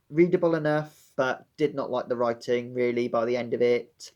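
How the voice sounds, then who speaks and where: A man's voice: mid-range voice, flat delivery, normal speed, hardly any pauses, darkish tone, highs cut off. A young man vlogging about books in a dramatic, sardonic way. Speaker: book vlogger. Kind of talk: casual book vlog.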